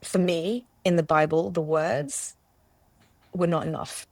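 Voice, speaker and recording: Woman guest, low-pitched, earnest personal testimony, dry booth sound. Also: slow pace, vocal fry, no echo. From Australia. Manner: earnest, searching, with many restarts and self-quotes. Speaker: interview guest.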